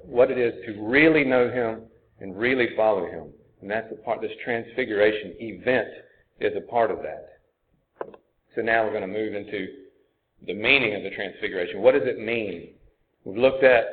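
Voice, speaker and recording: Earnest low-voiced preacher, tinny sound. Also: male voice. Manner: conversational, earnest, thinks aloud. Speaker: pastor. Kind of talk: sermon.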